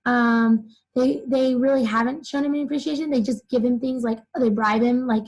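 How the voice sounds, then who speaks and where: A young woman teaching a recorded reading lesson from a laptop mic. Her voice sits high and comes out airy and a little husky. She breaks things down simply for children, with lots of casual fillers. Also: steady tone, a little fast, darkish tone, low-quality recording. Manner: explains simply, uses many "like" fillers.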